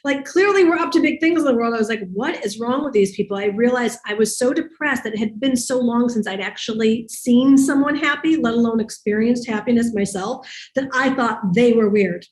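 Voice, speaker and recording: Animated woman with a roomy echo. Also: fairly high pitch, fairly quick. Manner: animated, emphatic, conversational. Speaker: host and life coach. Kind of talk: storytelling talk to an audience.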